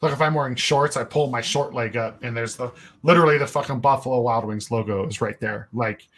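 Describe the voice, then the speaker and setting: A young podcast host with a fairly quick, slightly bright mid-range voice tells a long story in casual chat. His telling is rambling, laid-back, and full of profanity.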